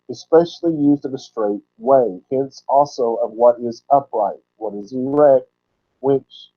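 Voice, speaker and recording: A man's voice: mid-range voice, dark tone. Man teaching scripture, dull lo-fi sound. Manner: explains word roots, repeating words slowly for emphasis. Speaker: Bible teacher. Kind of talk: sermon-style Bible teaching. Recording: dull lo-fi recording.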